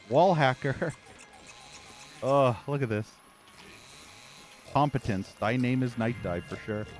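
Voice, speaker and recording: Profane, frustrated gaming streamer man. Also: mid-range voice. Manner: frustrated, profane ranting with frequent exasperated sighs. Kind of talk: live game commentary.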